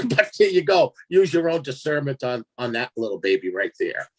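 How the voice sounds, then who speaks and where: Animated husky-voiced man telling a strange story. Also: medium pitch, moderate pace. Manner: animated, laughing, acts out his own reactions. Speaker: guest storyteller. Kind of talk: casual storytelling interview.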